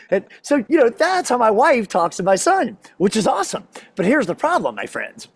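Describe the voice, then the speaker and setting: Male stand-up comic, gravelly and breathy, lively delivery, crowd-working. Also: very high voice, normal speed. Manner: chatty, self-deprecating, works the crowd. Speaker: stand-up comedian. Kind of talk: stand-up comedy set. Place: stage in a comedy venue.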